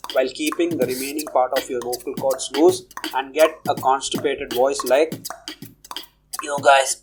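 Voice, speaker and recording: A man hosting his own beatbox tutorial channel, explaining technique in an upbeat, instructive way with clear enunciation. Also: medium pitch, low-quality recording.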